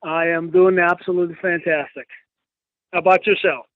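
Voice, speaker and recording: A man's voice: high voice, little pitch movement, moderate pace, no echo. Male caller, 50s, chatty and friendly, muffled dry line. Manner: friendly, chatty, gives shout-outs. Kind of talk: call-in chat.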